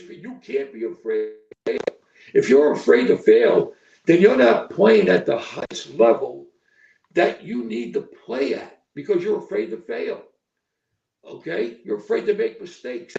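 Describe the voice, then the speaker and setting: A man's voice: sits high, animated, normal speed, vocal fry, mellow. An older man, a football coach, talking bluntly in a podcast interview, profane and repetitive, checking in with "okay?" and "right?". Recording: echoey distant lo-fi stream audio.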